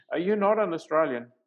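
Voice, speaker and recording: A man's voice: high voice, animated, measured pace, dull audio. A middle-aged man hosting a talk show as a life coach, thinking aloud in a conversational way and chuckling easily.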